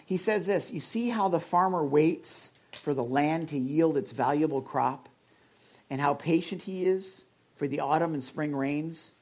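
A male pastor preaching a sermon in a lively, conversational way, often restarting and repeating words and breaking into emphatic outbursts. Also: on the high side, a little slow.

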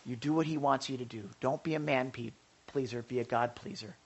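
A man's voice: medium pitch, brisk, husky, highs cut off. A male pastor giving a conversational sermon, with joking asides to the congregation and frequent stammered restarts.

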